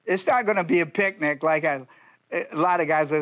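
High-voiced joking preacher man. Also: animated, fairly bright tone. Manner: folksy, joking preaching with quick asides. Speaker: pastor. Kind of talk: sermon.

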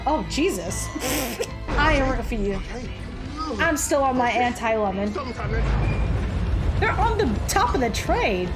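Excitable high-voiced woman cheering at a movie. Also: measured pace, pauses often. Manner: excitable, loud cheering and cursing at the screen. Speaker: movie reaction host. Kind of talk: casual movie reaction commentary. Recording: film soundtrack playing loudly underneath. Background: movie audio and music.

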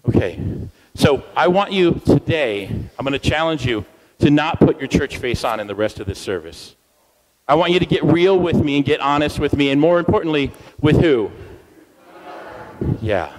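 A man speaking as a guest at a church service, energetic and playful, leading the crowd in call-and-response chants. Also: fairly high pitch. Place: church hall. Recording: long reverb of a church hall.

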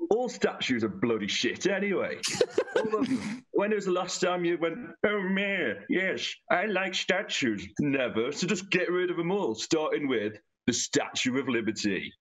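A man's voice: a little high, sing-song, unhurried, fairly bright tone, husky, heavily acted. A man voicing a brash, crude male comedian pundit, ranting bluntly in improvised role-play.

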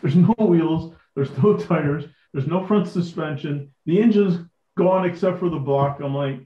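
A man guest on a podcast, telling lively anecdotes and acting out the people in them. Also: fairly high pitch, unhurried, reverberant, muffled recording. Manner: animated anecdote-telling with quoted dialogue. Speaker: podcast guest, tractor collector. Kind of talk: casual storytelling.

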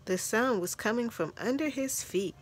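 A woman reading a children's story aloud in a gentle, measured storytelling manner. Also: on the high side, expressive, slight background noise. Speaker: storybook narrator.

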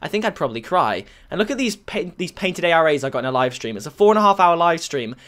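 Excitable young man gaming. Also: a little high, quick pace. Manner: excitable, bursts into shouts and laughs. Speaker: gaming YouTuber. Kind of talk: excited game-opening commentary.

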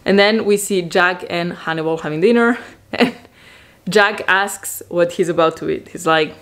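Lower-pitched woman, rambling chatty vlogger. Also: moderate pace. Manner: rambling, excitable, heavy use of "like" fillers. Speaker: vlogger recapping a TV series. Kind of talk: casual chatty recap.

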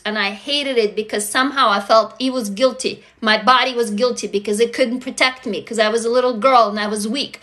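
Russian-born woman host, casual live chat, swears a lot, bright tone. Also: fairly high pitch. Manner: energetic, swears freely, greets viewers. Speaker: livestream host.

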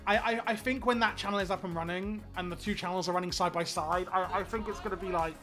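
Live-streaming a game over music, a man with a high voice talks fast and casually with viewers. He's excitable and rambling, often stammering and repeating words.

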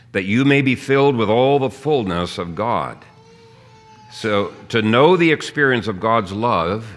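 A man's voice: lowish voice, fairly bright tone. A man preaching a sermon as pastor, teaching earnestly and reading out scripture. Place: church.

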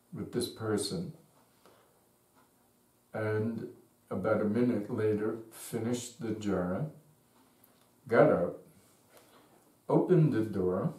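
A man telling a personal story as a slow, thoughtful reminiscence. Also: fairly low pitch, darkish tone. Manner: unhurried, thoughtful. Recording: roomy echo, distant mic.

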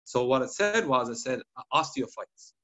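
A man chatting on a podcast, telling patient stories with lively acted-out dialogue. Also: mid-range voice, moderate pace, highs cut off. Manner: animated storytelling, acts out patient dialogue. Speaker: podcast guest clinician. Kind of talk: casual podcast chat.

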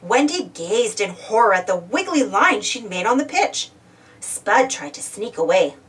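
Lively woman reading a kids' storybook. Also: medium pitch, a little slow, distant mic. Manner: expressive, animated. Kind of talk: children's storybook read-aloud.

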